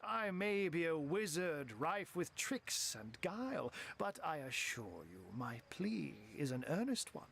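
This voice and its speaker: A punning cat-wizard. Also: male voice, a little high, very animated, measured pace, vocal fry, few pauses, fairly bright tone, husky, heavily acted. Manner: flowery, playful, full of cat puns. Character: theatrical wizard who turns into a talking cat, male, witty and genteel. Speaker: game character.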